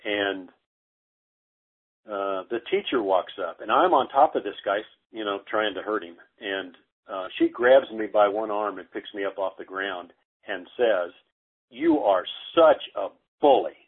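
A middle-aged man telling stories casually as a guest, halting, with many fillers and restarts. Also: on the low side, slightly rough. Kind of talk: casual storytelling interview. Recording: phone-like narrow audio.

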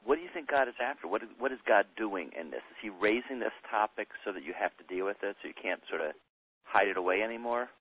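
A man's voice: on the low side, expressive, fast, breathy edge. A man co-hosting a conversation, asking thoughtful probing questions. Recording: tinny phone-like sound.

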